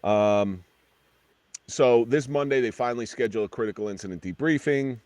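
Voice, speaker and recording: A middle-aged man, a former police officer, telling his story in an interview in an earnest, halting way with many restarts. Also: medium pitch, a little mellow, dry recording.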